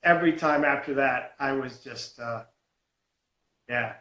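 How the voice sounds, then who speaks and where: A man, a stunt comedian, telling a story in a lively, self-mocking way on a podcast. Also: mid-range voice, unhurried, echoey room, muffled recording. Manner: animated storyteller, laughs at himself. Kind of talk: casual storytelling on a podcast call.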